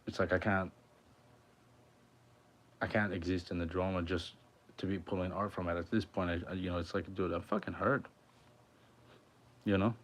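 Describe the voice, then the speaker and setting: Male streamer-musician, deep voice, rambling, profane, off-the-cuff home chat. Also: fairly even intonation, moderate pace, long pauses. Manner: rambling, heavy swearing. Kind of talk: casual livestream chat. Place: his home.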